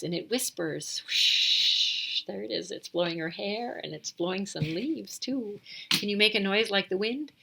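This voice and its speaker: A woman's voice: medium pitch, gravelly, fairly bright tone, husky. A woman hosting a children's storytime, reading a picture book aloud, imitating animal sounds and asking the little listeners questions. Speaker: storytime host.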